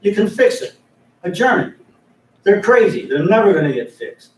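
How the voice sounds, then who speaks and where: A man's voice: high-pitched, big pitch swings, normal speed. An older man leading a mediation training class, folksy and joking, often stopping to restart his sentences, recorded from a distant mic in an echoey room. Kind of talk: training class, demonstrating a mediator's opening statement.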